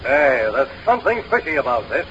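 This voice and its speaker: A man's voice: medium pitch, big pitch swings, brisk, sharp tone, a little hiss or hum. A man playing a suspicious ship's officer. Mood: stern. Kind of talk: 1930s radio comedy acting. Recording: dull old radio recording.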